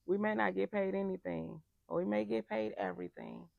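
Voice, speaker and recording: A woman life coach giving a passionate motivational talk, emphatic and turning loud and animated when making a point. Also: medium pitch, a little fast, gravelly, no echo, phone-quality sound.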